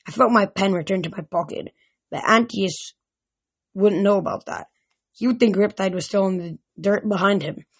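A woman reading a novel aloud, often tripping over words and restarting, with louder shouted lines. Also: mid-range voice. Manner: reads aloud with frequent slips and restarts. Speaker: reader. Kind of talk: amateur audiobook reading.

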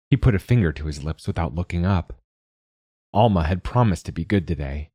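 A man narrating a children's story in a measured, gentle reading. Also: deep voice, animated, husky, dry recording, studio quality.

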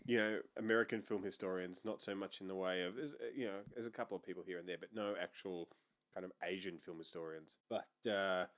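A man's voice: low-pitched, steady tone, quick pace, fairly bright tone. A man co-hosting a movie podcast, rambling with lots of restarts and laughter. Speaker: podcast co-host. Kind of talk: casual movie podcast chat.

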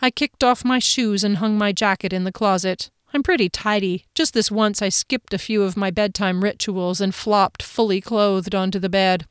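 A woman's voice: mid-range voice, fairly even intonation, moderate pace, hardly any pauses, clear, resonant tone, dry recording, studio quality. A woman reading a first-person audiobook in a conversational, wry storytelling manner. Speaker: audiobook narrator.

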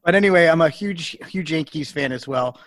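A man's voice: fairly high pitch, brisk, fairly bright tone, no echo. Upbeat man, dry sound. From Chicago area, Illinois. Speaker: podcast co-host. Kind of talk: casual podcast chat.

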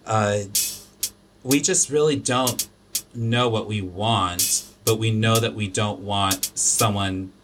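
A man's voice: lowish voice, steady tone, takes it slowly, noisy background. A man hosting a podcast, talking through his opinions in a loose, rambling way, full of restarts and fillers. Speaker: podcast host. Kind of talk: casual opinionated chat.

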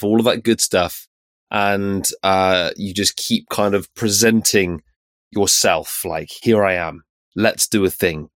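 A man's voice: lowish voice, a bit bright, no room sound, clean studio sound. A man, a podcast co-host, talking earnestly and reflectively about parenting in casual conversation.

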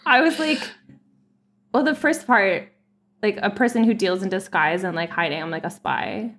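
A woman's voice: medium pitch, lively intonation, moderate pace, a bit bright, slight background noise. A woman guest on a podcast, chatting casually with many fillers. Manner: chatty, lots of likes. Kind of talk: casual chat.

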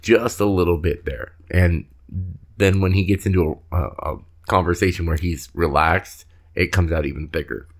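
A man's voice: low-pitched, normal speed. A man co-hosting a podcast in casual, rambling chat that often trails off mid-sentence. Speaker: podcast co-host.

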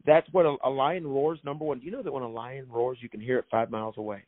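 As a guest, an author and minister recounts his journey of faith in a forceful, preacherly style, using repetition for emphasis. He talks fast in a medium-pitched, steady voice, over a thin, phone-like line that is dry with no echo.

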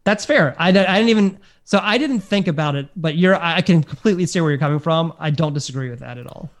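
Quick, animated man co-hosting a podcast. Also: a little high. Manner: talks fast in bursts, stops to correct himself. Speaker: podcast co-host. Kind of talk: casual chat.

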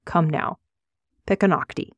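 A woman voicing a frail, quiet old man who speaks slowly and calmly in an audiobook reading. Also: low voice, no room sound, muffled recording.

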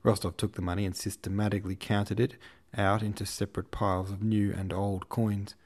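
A man's voice: lowish voice, flat delivery, brisk, darkish tone. A man podcast host reading a novel aloud in an irreverent, swearing style with cheeky asides. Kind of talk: irreverent audiobook narration.

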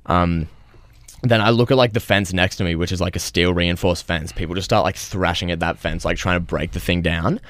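A man's voice: low voice, steady tone, fairly quick, fairly bright tone, dry recording. A young man, telling a long story in casual podcast chat, full of fillers and restarts. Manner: rambling storytelling with many fillers.

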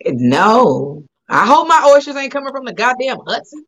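A young woman from California talks in casual podcast chat. Her voice sits a bit high for a woman. She is blunt, swears freely and gets animated. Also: normal speed. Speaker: podcast guest.

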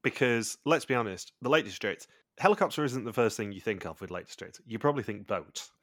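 Man, podcast host, casual recap chat, low voice, dry sound. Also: expressive, brisk, a bit bright, no room sound. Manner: chatty, recaps plot points in long runs.

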